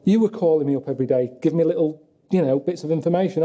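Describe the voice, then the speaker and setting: A man moaning in a deadpan, glum way about his travels, talking to camera and to his friends. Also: on the high side, racing. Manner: glum, grumbling, deadpan complaints. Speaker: travelling presenter. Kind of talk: documentary monologue and chat. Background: music.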